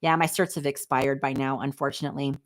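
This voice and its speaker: A woman's voice: extremely low pitch, little pitch movement, fast talker. A woman, hosting a casual livestream, candid and snarky as she reads chat comments aloud. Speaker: livestream host reading chat.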